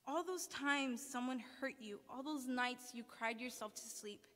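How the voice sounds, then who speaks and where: A woman's voice: high-pitched, measured pace, fairly bright tone. A young woman speaking as a student at a service, earnestly preaching, reading scripture aloud and putting questions to the audience. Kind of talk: sermon. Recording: long hall reverb.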